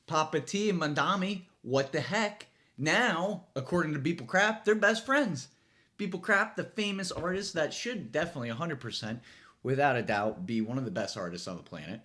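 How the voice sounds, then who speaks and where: A man's voice: a little high, expressive, moderate pace, bright, forceful tone. A man hosting a late-night comedy monologue, rambling and self-mocking, recorded on a phone. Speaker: host.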